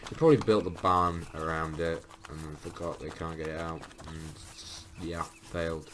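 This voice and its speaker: A young man with a low, deep voice talks through a game in a relaxed, rambling way, filling pauses with ums. His home mic picks up a steady hiss of noise behind him. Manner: rambling, thinking aloud, frequent ums. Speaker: gameplay commentator. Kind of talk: casual let's-play commentary.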